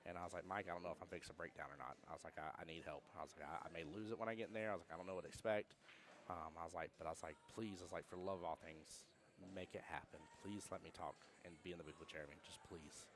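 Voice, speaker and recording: A man's voice: low voice, fairly even intonation, very fast, slight background noise. A man commentating a pool match with a co-host in a pool hall, telling stories casually with many restarts. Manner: rambling storyteller, many restarts.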